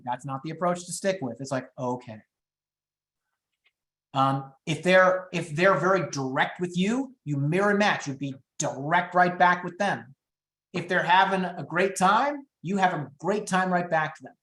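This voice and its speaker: High-energy man coaching sales. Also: a bit bright, roomy sound. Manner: high-energy, quick, acts out phone calls. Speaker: real estate coach. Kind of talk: teaching sales scripts in a webinar.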